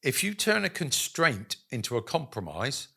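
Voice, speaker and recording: A man chatting as a guest about business, telling lively stories. He acts out the voices of people he quotes and fills his pauses with ums and uhs. His voice sits at a medium pitch. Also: creaky, breathy edge. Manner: animated storyteller, acts out quotes, many ums. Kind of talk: casual business chat.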